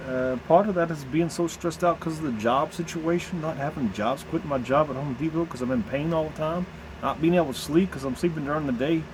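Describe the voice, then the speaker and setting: Man, Southern accent, candid vlog to camera; halting, restarts often; mid pitch; steady background hum. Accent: American Southern. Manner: halting, searching, with many restarts.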